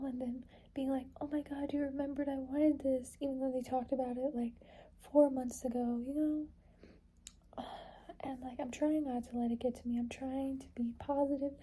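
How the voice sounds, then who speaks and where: A woman's voice: sits high, mellow, husky, low-quality recording. A young woman in a casual personal vlog, talking in a rambling way with lots of "like" and "you know", trying to hold back tears. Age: young adult. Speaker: vlogger.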